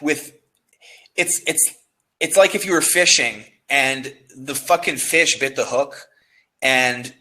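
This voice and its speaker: A man's voice: mid-range voice, slow, pushed and bright, poor audio. A man being interviewed about copywriting, talking in a loose, profane, restless way and often restarting his words. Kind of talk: casual conversation.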